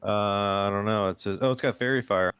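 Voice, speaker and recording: A man playing a tabletop game, making quick joking asides and questions. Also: lowish voice, fairly bright tone, smooth, no echo. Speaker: player. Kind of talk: casual play over voice chat.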